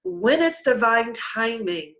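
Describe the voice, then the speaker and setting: A middle-aged woman telling her own spiritual experience as a podcast guest, earnest and halting, with many restarts. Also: fairly high pitch, sing-song, a bit bright, dull audio. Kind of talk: emotional personal storytelling.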